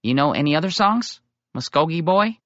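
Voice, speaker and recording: A man's voice: a little high, lively intonation, brisk, a bit bright, dry recording, dull audio, voice pushed up. A man voicing a sly, teasing teenage boy in an audiobook, with a mocking drawl.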